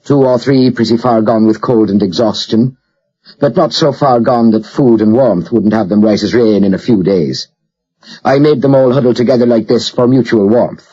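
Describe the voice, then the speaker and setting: A man putting on a chubby, good-humoured doctor with a rich Irish brogue and a deep voice, cheerful and breezy as an audiobook character. The recording is muffled and lo-fi. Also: moderate pace, mellow, slightly rough, close to an everyday voice. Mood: jovial. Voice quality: deep voice, says "old boy" constantly.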